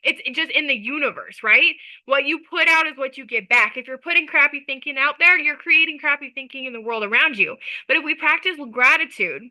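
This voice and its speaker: A woman giving an energetic motivational talk as a social media coach, emphatic and chatty, checking in with her listeners. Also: high voice, a little fast, hardly any pauses, low-quality recording.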